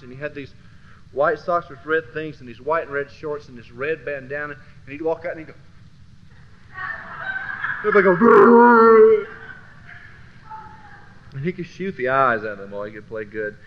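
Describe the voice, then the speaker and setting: A man teaching a Christian class through personal storytelling, swinging from low murmurs to loud bursts. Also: fairly quick. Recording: dull lo-fi recording with faint hiss.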